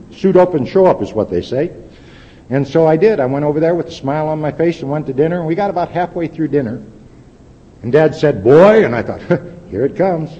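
A man in his fifties sharing a personal testimony at a recovery meeting, earnest and folksy, dropping to a quiet intensity at times. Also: on the high side, breathy edge. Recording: dull lo-fi hall recording with faint hiss.

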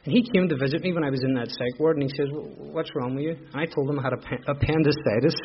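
Rapid-fire and medium in pitch, a middle-aged man from Northern Ireland recounts his recovery openly as testimony, his Belfast accent clear and his emotion showing in repeated phrases. A bit of hiss or hum sits on this dull, lo-fi recording.

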